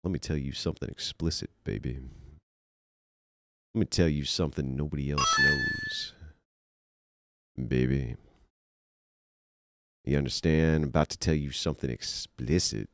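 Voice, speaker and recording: A man doing a hushed, smarmy seductive voice. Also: huge pitch swings, unhurried, long pauses, full character voice. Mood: mock-seductive. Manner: low, hushed and mock-sultry.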